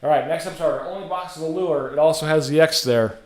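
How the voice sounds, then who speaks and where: A man's voice: on the high side, fast talker, reverberant. A man hosting a live card break, casually calling out cards and chatting with viewers. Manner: casual, chatty, rattles off names.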